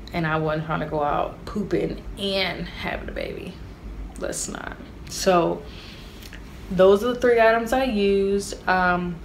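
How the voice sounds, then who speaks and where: A young woman tells a casual storytime straight to her viewers, chatty and animated. Her voice sits a little low for a woman. A faint hiss of room noise runs under her speech from the camera mic. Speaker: vlogger.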